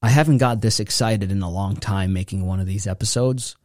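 A man hosting a motivational podcast, speaking in a preachy way that keeps building excitement. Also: on the low side, fairly quick, no echo, studio quality. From New York. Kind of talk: motivational speech.

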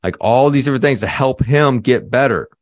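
A man, a leadership coach guest on a podcast, telling a story in a lively conversational way, full of "you know" fillers and acted-out quotes. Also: mid-range voice, fairly quick, dry recording.

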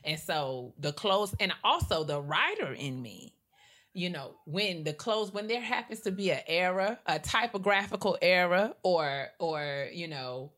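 A woman co-hosting a podcast in casual chat, animated and emphatic, repeating phrases for effect. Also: on the low side, unhurried. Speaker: podcast co-host.

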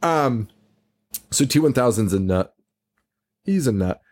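Brief: young male podcast co-host, casual movie recap, animated, swears a lot, laughs often. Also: medium pitch, unhurried. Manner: animated, profane, laughs often, acts out quotes.

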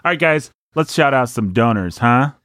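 A male podcast co-host chatting casually, full of playful jokes and teasing asides. His pitch swings widely as he talks. The sound is close and dry, with no room around him. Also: expressive, fairly bright tone, no echo. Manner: joking, playful, quick asides.

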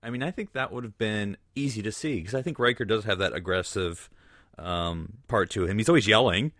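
A man's voice: on the low side, fairly quick, a bit bright, dry recording, clean studio sound. A man co-hosting a casual podcast chat, who cracks jokes and throws in playful asides. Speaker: podcast co-host.

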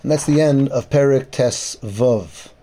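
A man's voice: medium pitch, a little slow, dark tone, a little hiss or hum. A man teaching a Torah class, retelling a biblical story in plain speech and weaving in Hebrew verses and terms, with frequent restarts. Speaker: Bible teacher.

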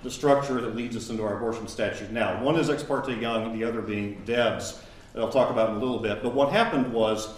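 A man in his fifties, a lawyer, giving a conversational lecture that mixes law with personal anecdotes and bursts into high mimicry of his old professor. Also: brisk. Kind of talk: lecture with storytelling. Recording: roomy echo.

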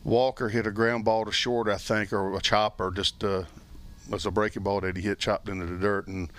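An older man, a former baseball pitcher, telling stories in a relaxed, rambling chat with many restarts and fillers. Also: moderate pace. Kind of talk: casual storytelling chat.

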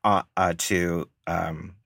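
A man with a bright, lively tone chats casually on a podcast. He laughs easily and wanders through fillers and restarts. The recording is dry and close. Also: low-pitched, takes it slowly, gravelly, dry recording. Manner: laughs often, trails off with fillers. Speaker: guest, drag performer.

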